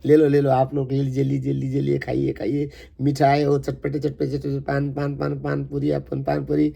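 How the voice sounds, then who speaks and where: A man's voice: medium pitch, completely flat delivery, racing, creaky, warm tone. A man voicing male street vendors who repeat their sing-song hawking cries over and over.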